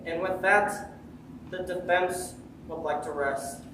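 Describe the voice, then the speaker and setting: A woman's voice: lowish voice, fairly even intonation, slow, noisy background. Girl doing a sick sneezy wolf guy in a school musical, sing-songy, far off in a big echoey hall. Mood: calm, confiding. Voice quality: sing-song, theatrical delivery. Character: sneezing, sheepish male wolf on trial. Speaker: stage actor in a school musical. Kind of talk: live stage musical, sung and spoken. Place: school stage in a large hall. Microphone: distant room mic.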